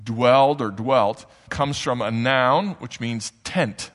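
A man's voice: medium pitch, slow pace, a bit bright. A man preaching a sermon in a church, in a conversational, explanatory manner with frequent asides. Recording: long hall reverb.

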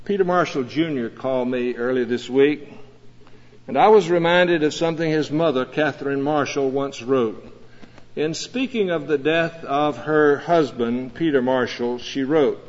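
A man, a pastor, preaching a sermon in a measured, earnest way with dramatic pauses. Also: mid-range voice. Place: church sanctuary. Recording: dull lo-fi recording in a reverberant church.

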